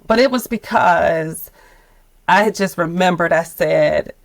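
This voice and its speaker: A woman in her fifties, a nonprofit leader, telling her sabbatical story in a candid, expressive podcast conversation with frequent laughter. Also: on the low side, a little slow, dry recording.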